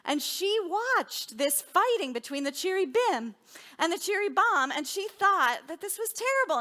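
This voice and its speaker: A woman telling a children's story at a service, animated and drawing the children in with questions and call-and-response games. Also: sits high.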